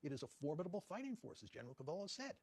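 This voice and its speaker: A man with a husky voice answers as an interview guest at a brisk clip. He speaks deliberately and repeats his key points. The sound is dry and close. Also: a little high, big pitch swings, darkish tone, dry recording. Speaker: guest professor.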